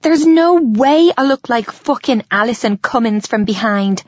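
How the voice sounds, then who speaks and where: A man voicing a brash, tipsy teenage girl who talks fast, loud and crude. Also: very high-pitched, lively intonation, no room sound, lo-fi sound, voice pushed up. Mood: scornful.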